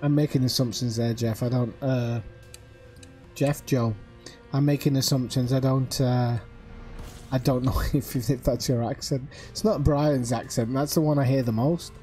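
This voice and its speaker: A man's voice: medium pitch, steady tone, normal speed, dark tone, soft background music. A man chatting casually to his viewers while streaming a video game. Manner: chatty, talks straight to viewers. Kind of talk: casual live-stream chat while playing.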